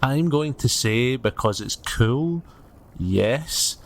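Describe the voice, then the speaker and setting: Game master, middle-pitched man, easygoing and hesitant narration. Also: slow pace. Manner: relaxed, hesitant with frequent ums.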